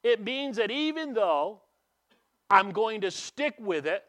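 A man preaches a sermon conversationally in a high-pitched, sing-song voice at a slow pace. He poses rhetorical questions and swings between emphatic and hushed delivery.

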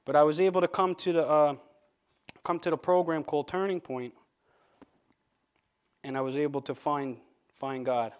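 A man's voice: on the high side, moderate pace, pauses often, clear, resonant tone. A man from Long Island, giving an earnest personal faith testimony and often stumbling and repeating words as he speaks. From Long Island, New York.

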